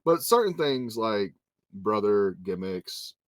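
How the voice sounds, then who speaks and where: A man's voice: on the low side, sing-song, slow pace, no room sound. A podcast host, a married man with kids, chatting casually and cursing freely while telling a story. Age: adult with children. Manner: profane, storytelling. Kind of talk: casual chat.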